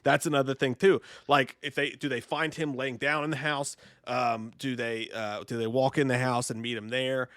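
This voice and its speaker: A man co-hosting a casual podcast chat, excitable and profane, full of fillers and restarts. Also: medium pitch, moderate pace, few pauses, no echo, clean studio sound. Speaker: podcast co-host.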